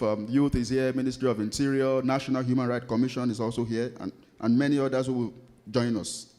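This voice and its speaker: Guy doing a formal welcome speech at a conference, measured read-out delivery. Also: mid-range voice, a little mellow. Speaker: Director General giving welcome address. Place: conference hall.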